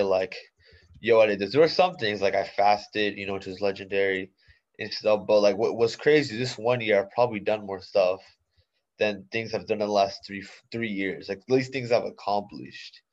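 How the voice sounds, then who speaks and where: A young man in his late teens talks on his own podcast in a relaxed, slang-heavy way, packed with fillers. His voice sits a bit low. The recording sounds muffled and lo-fi. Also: moderate pace. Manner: laid-back slangy talk, many fillers. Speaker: podcast host. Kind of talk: casual solo podcast monologue. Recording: dull lo-fi sound.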